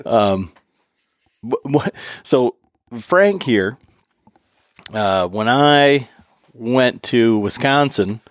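A man hosting a podcast in casual chat, animated and acting out quotes as he tells stories. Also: medium pitch, very slow, long pauses, no room sound, studio quality. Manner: animated, acts out quotes with laughs. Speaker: podcast host.

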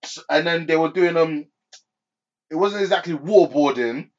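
A man's voice: fairly high pitch, moderate pace. A man co-hosting a casual film chat, hesitant and often restarting his sentences. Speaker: podcast co-host. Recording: dull lo-fi sound.

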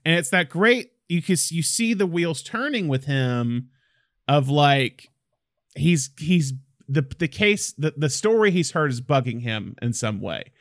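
A man's voice: a little high, expressive, measured pace, no room sound, clean studio sound. A man co-hosting a casual film discussion, talking enthusiastically and acting out quotes from the movie.

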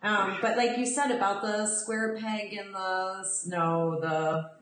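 A woman's voice: mid-range voice, fairly even intonation, slow pace, fairly bright tone. Woman podcast host in an echoey room. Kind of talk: casual podcast chat.

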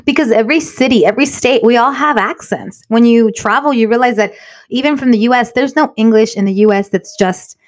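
Fast-talking encouraging woman. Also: on the high side. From California. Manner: earnest, encouraging. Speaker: podcast co-host. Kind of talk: casual chat.

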